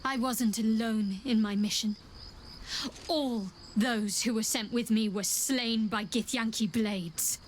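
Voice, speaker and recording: An actress voicing a secretive young female cleric in a video game, speaking in a guarded, wry and measured way. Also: a little high, fairly even intonation, a little hiss or hum.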